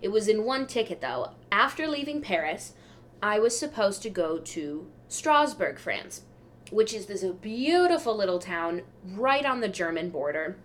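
A woman's voice: mid-range voice, big pitch swings, unhurried, slight background noise. A young adult woman hosting a podcast, telling travel mishaps in a chatty, wry, self-deprecating way. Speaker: podcast host. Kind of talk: casual travel storytelling.

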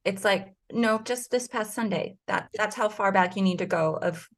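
A woman in her forties, guesting on a podcast, tells a personal story in a mid-range voice at normal speed. She sounds earnest and emotional and keeps restarting her sentences, like in casual conversation.

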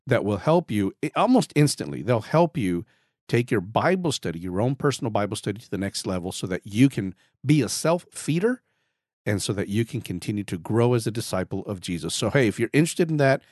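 A man in his forties hosting a casual podcast, with a raspy throat, talking in a chatty way, repeating words and cracking small jokes about himself. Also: on the low side, very animated, a little fast, a little mellow, no room sound, studio quality. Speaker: podcast host.

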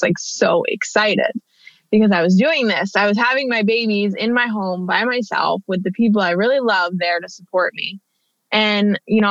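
A chatty woman in her thirties, heard at a medium pitch, is an interview guest telling a story about herself, stumbling through fillers and restarts as she goes. The lo-fi recording is dull and dry, with no room sound.

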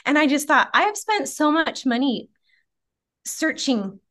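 A woman's voice: sits high, sing-song, a little slow, a bit bright. A woman in her thirties, a guest in a casual interview, talking earnestly with frequent laughs and trailing restarts. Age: 30s.

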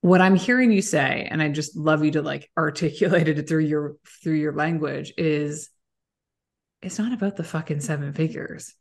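A woman podcast host with a very low voice full of vocal fry. She reflects her guest's ideas back in a thoughtful, casual way, and swears now and then. Her questions are open and unhurried. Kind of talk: casual interview conversation.

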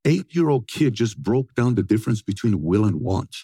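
A man's voice: fairly low pitch, moderate pace, breathy edge, no echo. Punchy forties guy telling a story to a crowd, dry close mic. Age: 40s. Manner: energetic, punchy, asks the audience questions. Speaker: motivational speaker. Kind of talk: storytelling talk to an audience.

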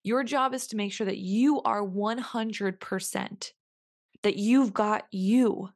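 A woman's voice: medium pitch, slow. Young woman hosting her own show; earnest, reflective solo talk, circling back and restarting lines for emphasis. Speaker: podcast host.

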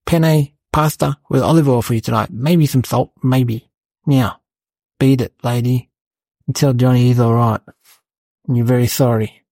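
A cheeky, boastful young boy, as a man puts him on rambles through a comic monologue with bossy swagger and endless restarts. His voice is low, gravelly and a little husky, set against a dry, close sound. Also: fairly even intonation, normal speed, dark tone, no echo.

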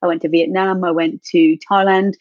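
Woman guest, earnest and open, breathy tone, dead-dry lo-fi capture. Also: on the low side, little pitch movement, normal speed, darkish tone, no echo. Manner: heartfelt, earnest, easily moved. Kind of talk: candid personal storytelling. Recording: dull lo-fi dry sound.

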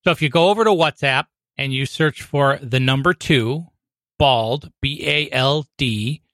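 A man's voice: mid-range voice, unhurried, a bit bright, dry recording. A man co-hosting a podcast in casual chat, friendly and explaining things step by step. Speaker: podcast co-host.

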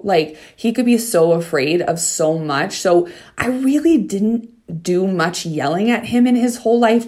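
A young adult woman hosting a dog-training podcast, talking frankly and casually, swearing freely and checking in with listeners. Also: mid-range voice. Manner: frank, swears freely, asks "okay?" often.

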